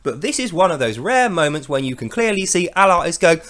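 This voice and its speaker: A man hosting a podcast, giving mocking commentary on a scripture reading. He is sarcastic, swears freely and slips into loud mock voices. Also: a little high, big pitch swings, brisk.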